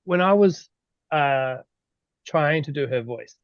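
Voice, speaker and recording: A man's voice: fairly high pitch, lively intonation, takes it slowly, dry recording. A man chatting as co-host who talks hesitantly, with many fillers. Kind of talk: casual conversation. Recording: dry, dull lo-fi sound.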